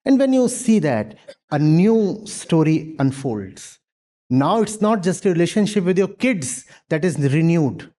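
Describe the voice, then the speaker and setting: A man giving a spiritual lecture with an animated, lively pitch and a mellow, warm tone. He speaks emphatically, pressing his points with rhetorical questions and repeated phrases. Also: unhurried. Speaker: spiritual teacher. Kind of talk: lecture with audience Q&A. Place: university lecture hall.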